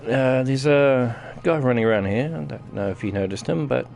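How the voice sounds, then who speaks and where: Gravelly New Zealand gaming streamer. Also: male voice, mid-range voice, moderate pace, darkish tone. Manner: chatty, talks to viewers while playing. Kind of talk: casual live-stream gameplay commentary.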